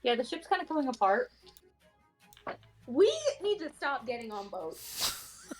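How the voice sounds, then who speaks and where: A woman playing in a tabletop game, chatty and quick to giggle. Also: high-pitched, very animated, faint music behind. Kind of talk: casual play at the table.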